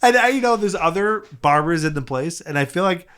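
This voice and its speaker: A man's voice: high voice, lively intonation, a little fast, a bit bright, clean tone. A man, a comedian guest, telling a rambling, profane story in casual podcast chat. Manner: profane, rambling anecdote with frequent laughs and restarts.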